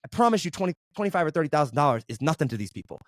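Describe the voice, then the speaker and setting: A fast-talking man with a slightly high voice tells his story as a podcast guest. He is animated and keeps checking in with his listener. The recording is close and dry. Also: no echo. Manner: animated, keeps asking "right?". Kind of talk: casual interview storytelling.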